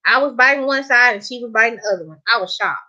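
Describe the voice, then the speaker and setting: A young Southern woman with a bright, forceful voice pitched a little high chats casually to her viewers. She is playful and emphatic and laughs often. The sound is dull and lo-fi, like live-stream audio. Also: expressive, fast talker. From Southern United States. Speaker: cooking channel host.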